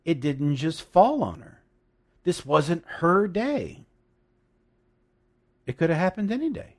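A man preaching a sermon, animated and emphatic, with laughing asides and dramatic emphasis. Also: fairly high pitch, slow.

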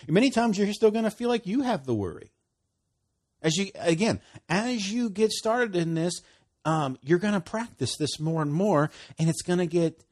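A man giving a casual, animated sermon, often laughing and acting out conversations. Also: a little high. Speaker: preacher.

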